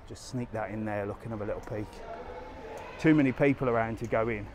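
A man's voice: on the low side, fairly quick, noisy background. Chatty man vlogging while walking. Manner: chatty, down-to-earth, answers viewer questions while walking. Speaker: travel vlogger answering live chat. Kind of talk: casual live-stream walking vlog. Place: outdoors on a sunny seaside resort street.

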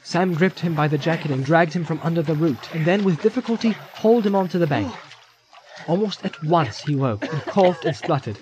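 A man giving dramatic fantasy audiobook narration in a measured, vivid storytelling manner. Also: a little high, expressive, a little mellow, rough recording. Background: music score.

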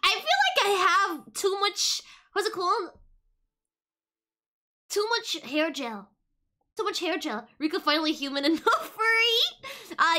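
A young woman streaming casually to her viewers, bubbly and giggly, often breaking into high squeals. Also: bright, forceful tone. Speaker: VTuber streamer.

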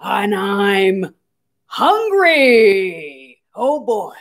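A woman playing a big hungry grown-up bear waking from hibernation, talking slowly and playfully for children. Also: mid-range voice, very animated, exaggerated voice.

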